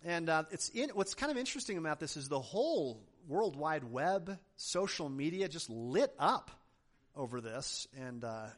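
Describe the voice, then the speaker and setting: A man's voice: on the high side, very animated, moderate pace. A man preaching a sermon as pastor, building emphasis through repeated phrases and slipping into conversational asides.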